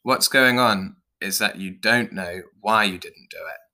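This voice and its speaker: A man's voice: fairly low pitch, a little slow, pushed and bright. A man voicing a blunt, foul-mouthed male owl who preaches about being a predator. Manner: pushy, preachy, swearing.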